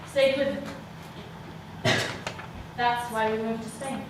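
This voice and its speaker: A young woman performing a solo stage monologue, dramatic, moving between hushed and shouted lines, recorded live from a distant mic on a theater stage. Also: on the high side, fairly even intonation, moderate pace, long pauses, noisy background. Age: young adult. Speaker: student performer. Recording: echoey hall sound from a distant mic.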